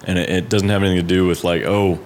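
A man's voice: low voice, little pitch movement, racing, slight background noise. A young man, a freelance designer, talking casually in a conversation, rambling and laid-back with lots of fillers and side trails.

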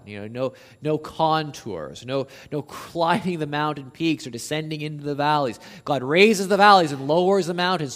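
A man delivers an expository sermon. His fairly high voice swells into loud, emphatic declarations, then drops to slow, hushed passages. He repeats words as he builds his points, and a long hall reverb trails every phrase. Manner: impassioned, rising to near shouts on quoted verses, then dropping low and slow. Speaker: preacher.

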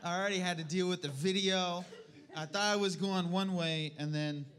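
A man's voice: sits high, steady tone, normal speed, fairly bright tone. Candid man with a light voice speaking at church. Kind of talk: personal teaching talk.

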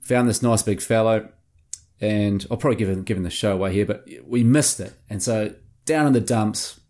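A man, a hunting show producer telling lively hunting stories in a casual interview. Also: lowish voice, normal speed. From New Zealand. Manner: animated anecdotes with acted-out quotes.

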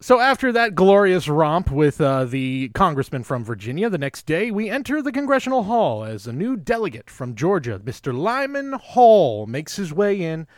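A man co-hosting a podcast, chatting in an animated, enthusiastic way with lots of fillers. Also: fairly high pitch, moderate pace, few pauses, dry recording, clean studio sound. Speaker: podcast co-host. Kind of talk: casual film discussion.

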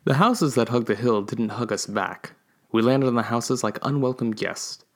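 A man reading his own comic story aloud and giving the characters quick voices. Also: medium pitch. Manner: playful, switches voices for quoted characters.

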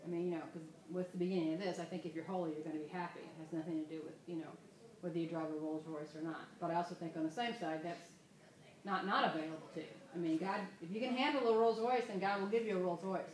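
A woman leading an informal Bible study, emotional, moving between soft asides and loud exclamations. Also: lowish voice, fast, reverberant.

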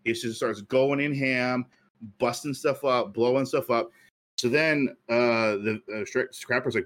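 A man's voice: mid-range voice, unhurried, fairly bright tone. A man co-hosting a podcast, telling a story at length in casual chat with many fillers. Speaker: podcast co-host.

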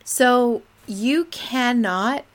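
A woman's voice: on the high side, extremely slow. A woman co-hosting a podcast, musing thoughtfully in a casual book discussion. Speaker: podcast co-host.

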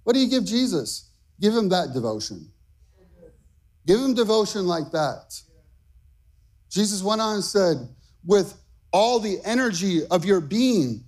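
A pastor preaching a sermon, his voice climbing into shouted, half-sung phrases. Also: high-pitched, expressive, measured pace, pauses often.

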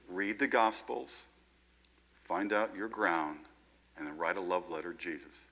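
A man preaching a sermon in a lively, conversational way, often checking in with "right?". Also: deep voice, measured pace.

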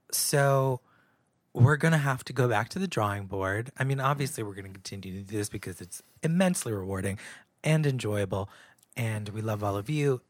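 A man's voice: medium pitch, dry recording. A man co-hosting a podcast in casual chat, with a dry, sarcastic way of talking. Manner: dry, sarcastic, drawn-out repetitions. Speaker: podcast co-host.

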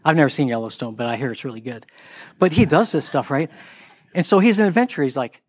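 A middle-aged man tells a casual story quickly and animatedly, acting out the people he quotes in a higher pitch. The recording has no echo.

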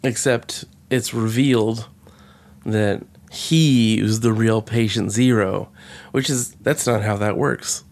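Sarcastic low-voiced man riffing on a movie. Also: fairly even intonation, takes it slowly, gravelly. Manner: sarcastic, profane, mocking line readings. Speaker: podcast co-host. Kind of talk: casual movie review chat.

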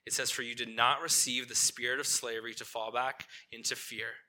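A man's voice: medium pitch, flat delivery, fairly quick, pushed and bright. A man preaching a sermon as lead pastor in a church. He talks conversationally, keeps asking the congregation questions and checking in with "right?", and turns tender and earnest on painful points.

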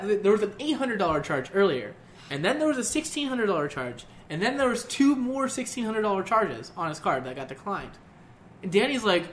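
A man's voice: high-pitched, a little hiss or hum. A young man casually telling a long story, swearing and laughing a lot. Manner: profane, laughs often, animated.

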